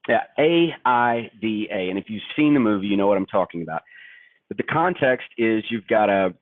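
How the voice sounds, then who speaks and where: Young guy from kentucky teaching sales, emphatic, lowish voice, tinny phone sound. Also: no echo. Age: young adult. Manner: emphatic, coaching. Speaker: webinar co-host and sales trainer. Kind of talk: sales training webinar. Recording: tinny dry phone line.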